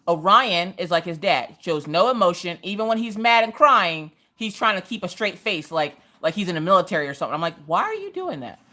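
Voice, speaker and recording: A woman hosting a casual crafting livestream, telling family stories in a lively, animated way. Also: fairly low pitch, brisk, hardly any pauses. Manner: lively storytelling, acting out family voices. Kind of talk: casual chat while crafting.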